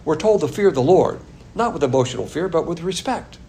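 A man's voice: fairly high pitch, animated, a little fast, gravelly, dark tone, a little hiss or hum. A man teaching a Bible class in a blunt, sarcastic manner, with chuckling asides. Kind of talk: sermon.

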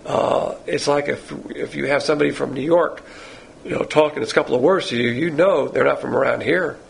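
A man's voice: medium pitch, fairly quick, vocal fry, slight background noise, low-quality recording. A man teaching verse by verse through a Bible passage to a class, in a folksy, digressive and conversational way. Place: Bible class with listeners present.

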